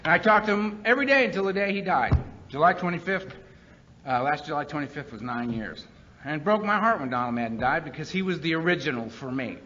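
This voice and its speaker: Bright-voiced man giving an earnest testimony. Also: fairly high pitch, expressive, fast talker. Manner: earnest, emphatic storytelling with repeated lines. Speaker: speaker at a recovery meeting. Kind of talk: personal testimony talk. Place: meeting hall with a live audience. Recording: dull lo-fi meeting recording with faint background hiss.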